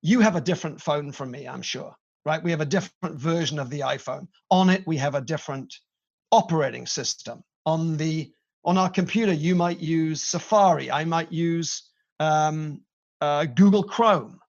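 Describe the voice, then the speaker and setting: A middle-aged British man tells his story with animated energy and playful asides. His voice is fairly high and gravelly, and the audio sounds dull and lo-fi. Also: moderate pace. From Britain. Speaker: company CEO, guest. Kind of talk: conversational interview.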